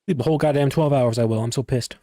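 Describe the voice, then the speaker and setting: A man's voice: medium pitch, fast, dark tone, no room sound, studio quality. A man streaming a game, casual and grumbling, swearing freely at what happens on screen. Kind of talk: gaming commentary.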